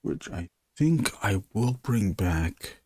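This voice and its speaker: A man with a fairly low voice rambles along while he works on a drawing for his stream. He keeps talking to himself and asking stray questions aloud. The sound is dry and close, with no room echo. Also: expressive, slow pace, warm tone, husky. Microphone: close camera mic.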